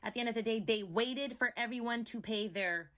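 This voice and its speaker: A vlogger from Montreal, Canada, this woman offers emphatic opinion commentary and keeps checking in with "right?" Her voice is fairly high, brisk and sharp in tone.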